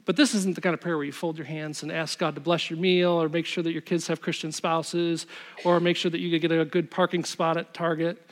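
A man pastor giving a conversational sermon to a congregation, with quick interactive asides and scripture reading. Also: a little high, little pitch movement.

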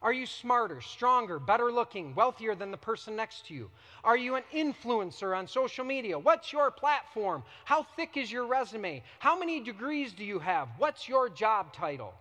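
A man preaching a sermon as a pastor, emphatic, with dramatic pauses and repetition. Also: very high voice, big pitch swings, bright, forceful tone, long reverb tail. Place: church sanctuary.

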